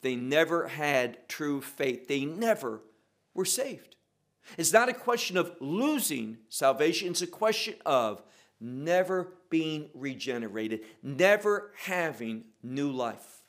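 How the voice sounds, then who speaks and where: A man preaching a sermon on a Bible passage, slow and emphatic, repeating words for weight. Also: a little high, big pitch swings, a bit bright.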